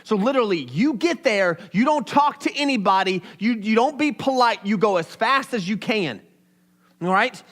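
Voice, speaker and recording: A young pastor delivers his sermon with an unusually high-pitched voice. He preaches in a casual, animated way, as if talking with the congregation. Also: normal speed.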